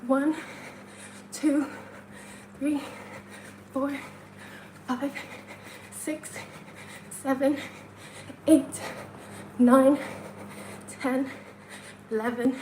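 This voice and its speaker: A woman's voice: high voice, steady tone, extremely slow, pauses often, a little mellow, slight background noise, poor audio. A woman from China hosting a casual livestream from a hotel room, counting aloud, answering chat questions and laughing often. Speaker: livestream host. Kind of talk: casual live-stream chat.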